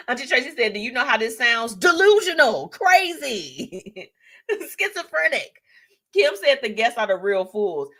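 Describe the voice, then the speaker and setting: Animated laughing woman show host. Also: fairly high pitch, moderate pace. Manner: animated, laughing, addresses audience as y'all and baby. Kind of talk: live show commentary reading viewer comments.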